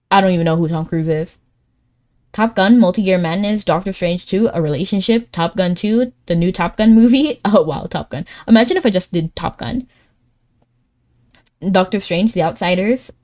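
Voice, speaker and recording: A woman streaming live in casual chat, thinking aloud as she plays a word game, laughing often and jumping up in pitch when excited.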